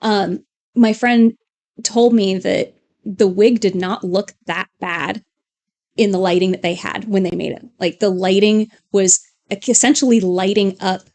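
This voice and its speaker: A woman's voice: medium pitch, fairly even intonation, unhurried, darkish tone. A woman co-hosting a casual live stream from a home studio, rambling and chatty with frequent fillers and laughs. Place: home studio with LED lights.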